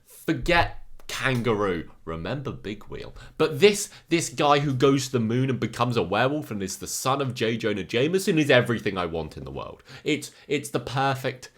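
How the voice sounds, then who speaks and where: A man with an English accent giving casual, jokey commentary as a video host, swinging between excitement and deadpan remarks. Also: mid-range voice, normal speed. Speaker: YouTuber ranking comic villains.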